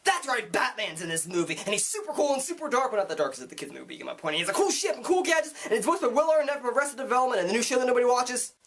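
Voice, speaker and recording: A young man reviewing a movie, excitable and gushing, with jokey asides. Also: very high voice, racing, hardly any pauses. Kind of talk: enthusiastic online movie review.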